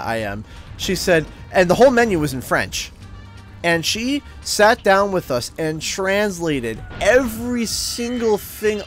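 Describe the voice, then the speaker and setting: A man streaming a game, telling a story casually and acting out what other people said. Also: high-pitched. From Canada. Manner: animated, acts out other people's lines in changed voices. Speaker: gaming streamer.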